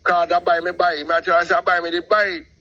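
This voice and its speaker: A middle-aged Jamaican man telling a long personal story in patois, animated and talkative, calling in to a show. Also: high-pitched, very fast, dull audio. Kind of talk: casual storytelling on a call-in show.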